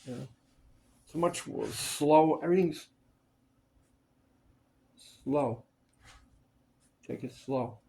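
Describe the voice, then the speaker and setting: In a casual chat, a man recalls his film work, acting out the people he quotes and swearing freely. His voice is on the high side and dark in tone, slow, with vocal fry and frequent pauses.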